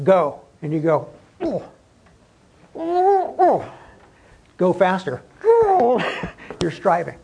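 A man preaching in a church room, his voice gravelly and a little husky. He speaks in a loose, conversational way, often restarting his sentences. His pitch sits somewhat high for a man. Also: darkish tone, rough recording. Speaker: pastor. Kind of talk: sermon.

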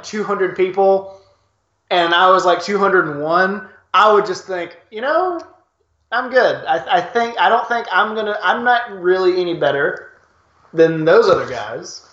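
A man co-hosting a podcast, chatting casually in a rambling, halting way while he plays a video game. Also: sits high, animated, a bit bright. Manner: rambling, halting restarts, chuckles while storytelling. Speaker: podcast co-host. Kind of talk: casual chat. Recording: echoey room, dull lo-fi sound. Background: video game playing in background.

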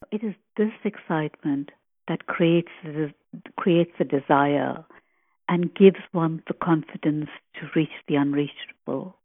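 A woman giving a slow, reverent spiritual commentary on a sacred hymn, reflective and full of pauses. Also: sits low, no echo. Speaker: podcast host explaining scripture. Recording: tinny phone-like line.

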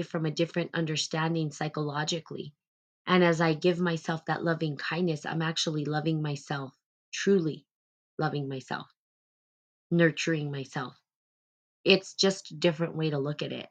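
A woman hosting a live stream, talking casually about self-love in a gentle, rambling way. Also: low voice. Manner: rambling, gentle, many "like" fillers. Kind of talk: casual spiritual self-help talk.

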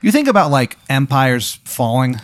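A man improvising a comic hypothetical story, rambling and animated with lots of fillers. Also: mid-range voice, normal speed, dry recording, clean studio sound. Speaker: podcast host narrating a hypothetical.

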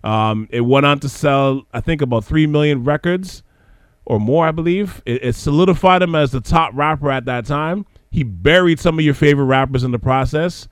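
A man's voice: fairly high pitch, moderate pace, clean tone, dry recording, studio quality. Man hosting a casual music chat. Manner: conversational, many fillers and restarts, leads discussion. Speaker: podcast host.

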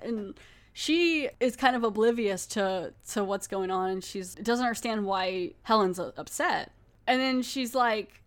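A woman's voice: a little high, moderate pace. Podcast host, woman, chatty recap voice, loose and filler-heavy. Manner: chatty, laughing, many fillers. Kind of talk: casual episode recap.

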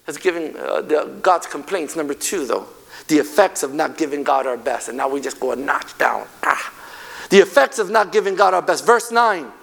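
A man preaching a passionate sermon as pastor, swinging from loud declarations to hushed, quiet passages. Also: high-pitched, creaky.

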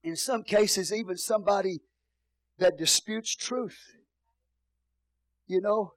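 A middle-aged Texan man preaches, his voice sitting a little high. He drops to soft murmurs and then rises into booming shouts. The sound is close and dry, with little room around it. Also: slow, no room sound, poor audio. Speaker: pastor. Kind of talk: sermon.

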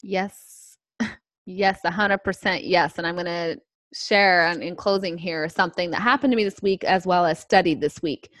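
A woman co-hosting a faith-based podcast, telling a story in a gentle, emotional way. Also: fairly low pitch, normal speed, no echo. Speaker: podcast co-host.

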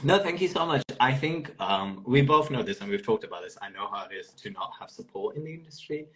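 A man's voice: medium pitch, animated, a little fast, a bit bright, rough recording. A man hosting his podcast in casual chat, cheeky and playful, then earnest. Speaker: podcast host.

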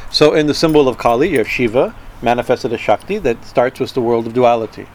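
A man giving an informal talk on Tantra philosophy. He speaks haltingly, repeats words and keeps asking "right?". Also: mid-range voice, a little mellow, a little hiss or hum, poor audio. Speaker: spiritual teacher.

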